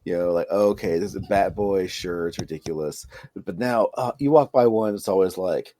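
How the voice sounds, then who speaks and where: A man co-hosting a casual podcast, rambling with halting restarts. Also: low-pitched, dark tone. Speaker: podcast co-host. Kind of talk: casual chat.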